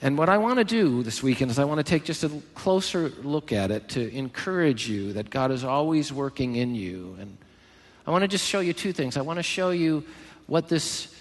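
A male pastor preaching a sermon in church, emphatic and animated, with joking asides. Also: mid-range voice, moderate pace. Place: large church hall. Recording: long hall reverb.

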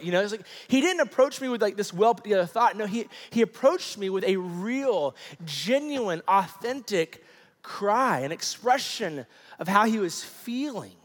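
A fairly high-voiced man in his thirties preaches by way of a personal story, casual and animated, scattering fillers as he goes. His voice carries a long reverb from a big hall. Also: moderate pace. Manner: animated, conversational with many fillers. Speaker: pastor. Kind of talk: sermon storytelling.

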